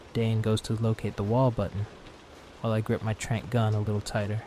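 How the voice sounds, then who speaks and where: A man narrating a horror story in a calm, even storytelling manner, made to help listeners fall asleep. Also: on the low side, fairly quick, slight background noise. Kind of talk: calm scripted narration for sleep. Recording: clear rain sounds behind voice. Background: steady rain.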